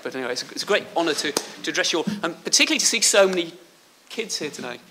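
A man's voice: a little high, animated, racing, background noise. A man from Liverpool, a surgeon, giving a chatty, joking talk to pupils at a school. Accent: Liverpool English. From Liverpool, England. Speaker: guest speaker, surgeon. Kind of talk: school speech. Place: school hall.

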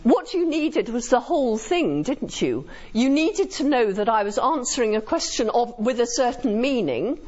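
A woman's voice: fairly high pitch, big pitch swings, moderate pace, hardly any pauses, darkish tone. A woman giving a philosophy lecture to students, chatty and often checking understanding with tag questions. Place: classroom. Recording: dull lo-fi classroom recording.

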